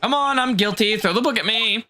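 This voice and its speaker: A woman's voice: fairly high pitch, a little fast, sharp tone, soft background music, voice pushed up. A woman voicing a nervous young male defendant who keeps insisting he is guilty, in a whiny, eager voice. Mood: pleading.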